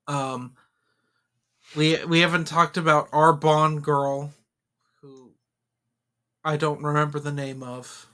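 A man talks through a movie in a casual podcast chat, opinionated and animated. His voice is bright and forceful and sits a bit high for a man. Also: slow pace, pauses often, clear, resonant tone. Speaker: podcast co-host. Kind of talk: casual film discussion.

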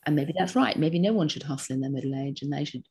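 A woman in her fifties speaks in a low, slightly husky voice. She talks as an interview guest, stringing short phrases together with frequent ums and an animated push. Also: fast. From Britain. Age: 50s. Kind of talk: conversational interview.

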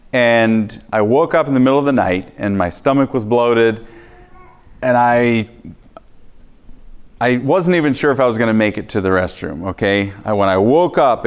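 Animated male preacher telling a testimony. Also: medium pitch, clean tone. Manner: storytelling, animated, acts out own reactions. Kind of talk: sermon testimony.

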